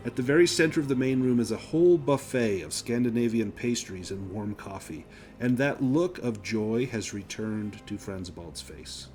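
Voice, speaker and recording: Unhurried male game master. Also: mid-range voice, darkish tone, faint music behind. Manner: descriptive and unhurried, pausing with fillers. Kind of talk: narrating a tabletop role-playing game.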